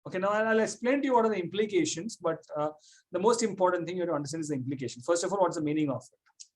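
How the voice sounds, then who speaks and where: Man, classroom lecture, quick delivery, repeats himself, keeps quizzing students. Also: sits high. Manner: repetitive, checks students often. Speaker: economics teacher.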